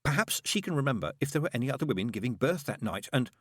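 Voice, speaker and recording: A prim, fussy angel speaking sweetly with a note of reproach, as a man puts him on. The voice is raised and lively in pitch, read close and dry like a storybook. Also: rapid-fire, no echo.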